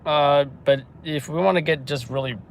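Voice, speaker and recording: A man's voice: on the high side, moderate pace, a little hiss or hum. A young man from Kazakhstan hosting a casual livestream from inside his car, joking and reading out viewer comments. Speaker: livestream street news reporter.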